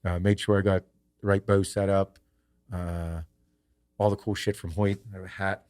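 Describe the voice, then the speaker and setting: A podcast host telling a casual story in a profane, rambling way. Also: male voice, deep voice, little pitch movement, normal speed, darkish tone, clean tone. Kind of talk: casual chat.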